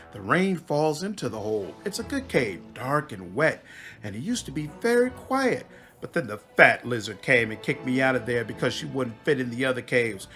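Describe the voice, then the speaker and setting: A man's voice: medium pitch, sharp tone. A man voicing a vain female swamp demon queen who is petulant, whiny and awkwardly flirtatious.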